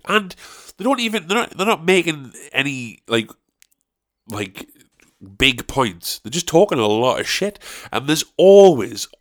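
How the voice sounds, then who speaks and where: A man's voice: medium pitch, a bit bright. A man hosting his own podcast, rambling casually, swearing freely and wandering off on tangents. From North East England. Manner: loose, sweary and meandering. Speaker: podcast host.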